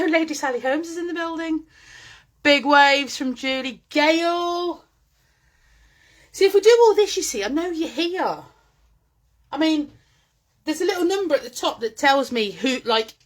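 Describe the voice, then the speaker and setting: Bubbly high-voiced woman hosting a craft live. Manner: bubbly, greets viewers by name. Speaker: craft presenter. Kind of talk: chatty live-stream craft demo. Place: at home with her dogs. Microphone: phone.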